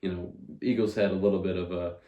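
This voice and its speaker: A young man co-hosting a casual sports podcast, opinionated and animated, who swears freely. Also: sits low, quick pace, lo-fi sound. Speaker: podcast co-host. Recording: roomy echo.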